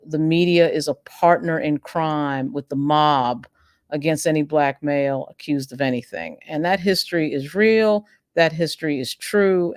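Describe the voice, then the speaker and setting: A woman's voice: low-pitched, darkish tone, no room sound, clean studio sound. A woman hosting a legal news commentary show, making emphatic arguments and building her points through long lists.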